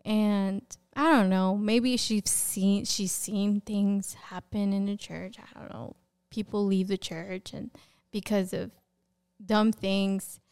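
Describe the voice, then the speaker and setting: A woman speaks as a podcast guest, giving a candid personal testimony of faith. Her voice is strikingly clear and smooth, at a middle pitch. She tells her story openly, peppering it with "you know.". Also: fairly even intonation, slow, a little mellow.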